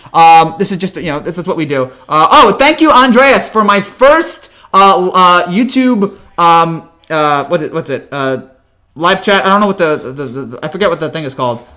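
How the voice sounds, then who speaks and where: Hyper, fast-talking young man. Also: high voice, sharp tone. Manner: hyper, rapid, full of restarts and stumbles. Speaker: live-stream host. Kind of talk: live-stream chat Q&A.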